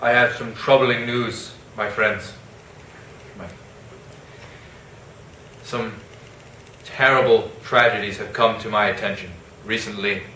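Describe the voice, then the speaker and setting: A man's voice: on the low side, fairly even intonation, slow, pauses often, bright, forceful tone, a little hiss or hum. A man playing Othello as a casual, rambling modern guy in a parody skit, telling his story with slang. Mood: troubled. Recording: echoey room, mic at a distance.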